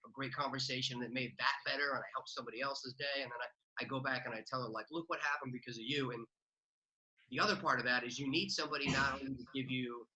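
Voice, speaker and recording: A man's voice: mid-range voice, fairly even intonation, pushed and bright, lo-fi sound. A man talking casually as a podcast guest, chatty with lots of filler words. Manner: fast, chatty, many "like" fillers. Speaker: podcast guest, real estate investor. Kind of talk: casual interview talk.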